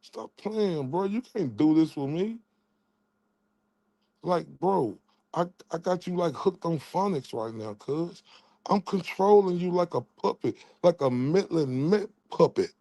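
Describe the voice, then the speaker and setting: A man's voice: fairly high pitch, animated, a little slow, dark tone, dry recording. Taunting man ranting into a dry mic. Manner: taunting, mocking, stammering repeats. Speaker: channel host. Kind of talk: trash-talking livestream rant.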